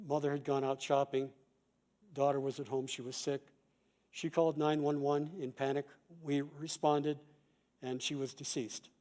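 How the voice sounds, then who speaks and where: A middle-aged man, a pastor and chaplain, giving a calm, measured conference talk with quoted examples. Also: on the high side.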